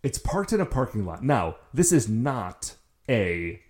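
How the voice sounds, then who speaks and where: A podcast co-host with a mid-range voice tells a story on a casual show at an unhurried pace. He's animated and stammers through restarts when he gets excited.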